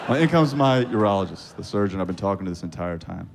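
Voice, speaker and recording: A man doing profane stand-up comedy storytelling, with a deadpan delivery and sudden squeaky high-pitched punchlines. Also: fast, vocal fry, hardly any pauses. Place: comedy club stage with laughing audience. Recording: live club recording with audience noise.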